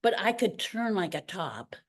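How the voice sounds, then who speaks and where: A husky, mid-range voice at normal speed belongs to this older Canadian woman, a retired ballerina and teacher. As a guest in a relaxed interview, she tells stories vividly, acting out each person's voice.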